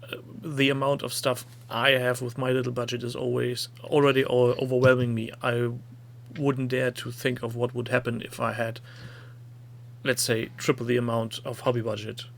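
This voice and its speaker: A man's voice: medium pitch, level tone, moderate pace, gravelly. A man with a German accent hosting a casual hobby video chat, chatty and laughing often. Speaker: host.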